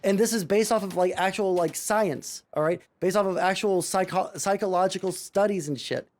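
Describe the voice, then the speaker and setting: A man's voice: high voice, moderate pace, darkish tone. A man giving a casual reaction commentary as a streamer, ranting sarcastically and swearing a lot.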